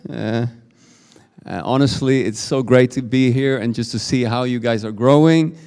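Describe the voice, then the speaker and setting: A man's voice: mid-range voice, normal speed, smooth. Swedish-accented man preaching in a hall. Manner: warm and informal, with frequent fillers and restarts. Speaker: guest preacher. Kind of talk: live sermon. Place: church service.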